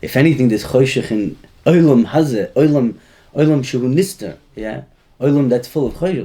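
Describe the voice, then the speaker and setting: A man's voice: medium pitch, expressive, normal speed, mellow. Rambling man teaching a Torah class. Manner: rambling, laughing, peppered with Hebrew and Yiddish terms.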